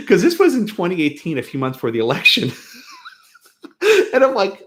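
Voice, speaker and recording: A man's voice: high-pitched, a little slow, pauses often. A man from New York, a law professor, telling a personal story to his class with frequent chuckles and restarts. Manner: animated storyteller, chuckles often, self-interrupts. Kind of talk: lecture with a personal anecdote.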